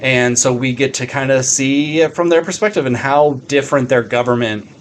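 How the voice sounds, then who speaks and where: A man's voice: mid-range voice, moderate pace, a little hiss or hum. A man co-hosting a podcast in casual chat, rambling with lots of "like" and a good deal of swearing. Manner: rambling, heavy on fillers and swearing. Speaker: podcast co-host.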